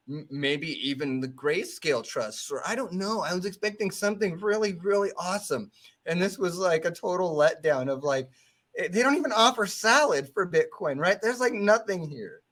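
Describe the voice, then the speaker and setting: A man co-hosting a podcast, chatting casually in a joking, sarcastic, animated way. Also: high-pitched. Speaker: podcast co-host.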